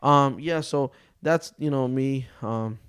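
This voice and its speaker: A man's voice: mid-range voice, moderate pace. Young man, podcast cohost, casual chat, jokey, swears a lot. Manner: joking, swears freely, animated storyteller. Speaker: podcast co-host.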